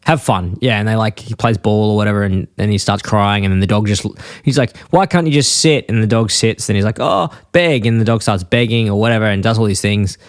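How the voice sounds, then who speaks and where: A man co-hosting a podcast in a casual chat, rambling and acting out characters' lines in a high voice. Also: level tone, fast, few pauses, smooth, no echo, studio quality. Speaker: podcast co-host.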